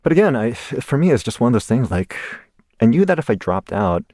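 A man's voice: mid-range voice, very animated, fairly quick, a little mellow, no echo, clean studio sound. A man in his forties from the United States, a guest in an interview telling a personal story animatedly and laughing along the way.

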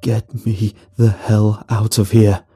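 A man voicing a raspy, desperate captive begging to be freed from the sewer. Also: fairly low pitch, level tone, slow, mellow, faint music behind, exaggerated voice. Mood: pleading. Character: desperate bound man trapped in sewage.

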